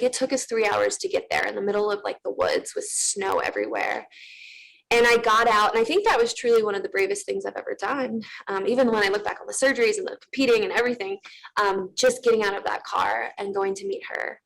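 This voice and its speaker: A woman's voice: medium pitch, lively intonation, a little fast, vocal fry, poor audio. A woman in her twenties, a guest on a TV interview, telling a personal story in an earnest, rambling way with many fillers.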